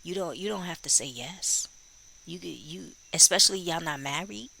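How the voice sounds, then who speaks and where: Casual true crime commentator, tense and bright in tone, musing aloud and quoting people. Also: mid-range voice, animated, moderate pace, gravelly, a little hiss or hum, rough recording. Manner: musing, rhetorical, acts out quoted dialogue.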